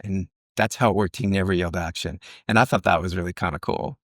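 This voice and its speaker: A man's voice: low voice, fast, no echo, studio quality. A middle-aged man, an actor, telling stories from his career in a casual interview and acting out the people he quotes. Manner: animated storyteller, acts out quotes. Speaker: actor guest.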